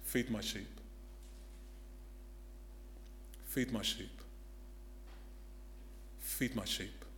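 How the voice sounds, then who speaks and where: A man voicing the risen Jesus, gentle and patient, asking softly and repeating himself. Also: high-pitched, lively intonation, a little fast, echoey room, a little hiss or hum. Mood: searching.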